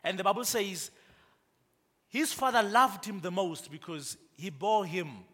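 A man's voice: sits high, animated, unhurried, a bit bright, long reverb tail. A man preaching a sermon to a congregation, prompting them to respond and building to emphatic rises. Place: church.

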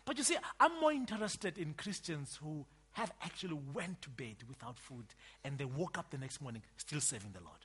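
Male preacher, bright high voice, lively emphatic delivery, sermon. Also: brisk, husky. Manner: emphatic, swings from loud outbursts to quiet asides.

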